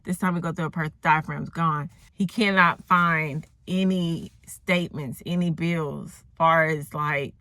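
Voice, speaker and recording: A woman with a bright, forceful voice rambles through a movie recap in a dry, close sound. She tells the plot loosely and breaks off to exclaim and react to what the characters do. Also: sits low, no room sound. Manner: animated storyteller who acts out the characters and exclaims at the plot.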